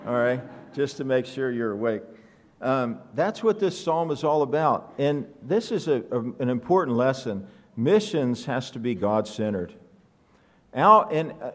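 A man preaching a sermon, asking the congregation questions and joking with them. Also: medium pitch. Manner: conversational, asks the congregation questions, joking asides.

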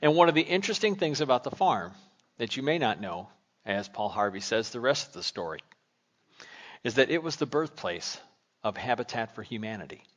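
A man preaching a sermon from the pulpit, with a middle-pitched voice. He tells a story and then puts searching questions to his listeners. His delivery is earnest. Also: sing-song, a little fast, a bit bright. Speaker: pastor.

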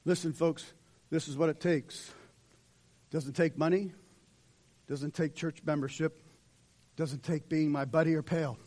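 A man's voice: fairly high pitch, fairly even intonation, measured pace, long pauses, a little mellow. A male pastor preaching an impassioned sermon in a church, voicing dramatic quotes as he leads into an altar call. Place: church sanctuary.

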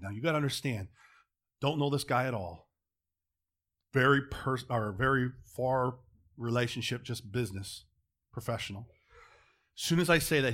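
A man preaching a sermon, telling a story with dramatic swings from loud to hushed. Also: mid-range voice, slightly rough.

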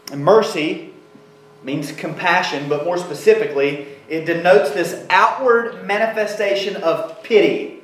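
A man's voice: high-pitched, reverberant, poor audio. A man preaching a sermon as pastor, explaining a passage in an emphatic way and often restarting his phrases.

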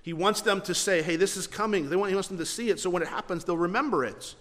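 A man preaching a sermon, earnest, swinging between loud emphasis and quiet, soft passages, closing in prayer. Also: high-pitched, quick pace, big-room sound. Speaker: pastor.

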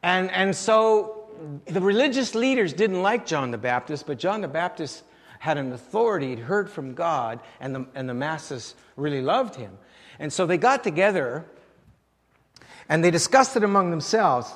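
A man's voice: a little high, animated, normal speed, a bit bright, long reverb tail. A man preaching a sermon in a conversational way, putting rhetorical questions to the congregation. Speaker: pastor.

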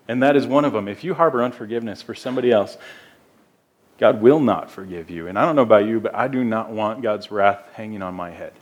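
A man's voice: on the low side, fast. A man preaching a sermon as pastor, earnest and emphatic, often repeating words as he goes.

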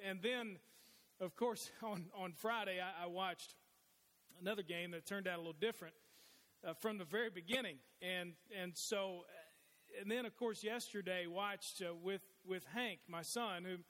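A middle-aged man preaches as pastor at normal speed, his high voice a bit bright, weaving folksy stories and restarting often. The sanctuary's large-hall acoustics add long reverb.

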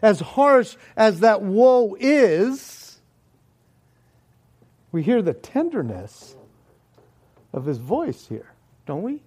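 A man preaching to his congregation in an unhurried, deliberate way. His voice is mellow, and it sits a little high for a man. He often sinks into soft, hushed lines. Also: big pitch swings, husky. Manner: slow, earnest preaching that drops to soft, hushed tones. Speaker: pastor. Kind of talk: sermon. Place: church hall.

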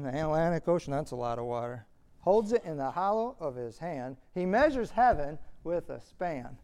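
A male pastor preaching a sermon in earnest, building to emphatic high points and falling to quiet asides, with scripture read aloud and brief laughs. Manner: reads scripture aloud in old phrasing.

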